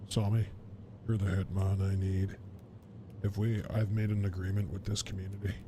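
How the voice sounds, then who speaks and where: A man voicing a menacing mob boss who sends out a hitman, talking in a slow, threatening way. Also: low voice, level tone, warm tone, a little hiss or hum, pitched below the performer's own voice, close to an everyday voice.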